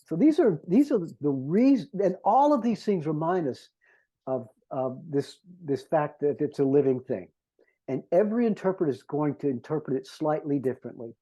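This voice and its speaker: A man's voice: fairly high pitch, very animated, moderate pace, dark tone, highs cut off. A man, a composer, earnestly explaining his scores to conductors and humming melodies to make his points. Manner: earnest teacher who hums melodies to illustrate.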